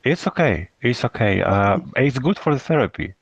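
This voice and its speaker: A man hosting a casual chat over a call, talking in a halting way with many fillers. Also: medium pitch, animated, breathy edge, no echo. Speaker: host. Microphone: call line. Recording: dull, dry call line.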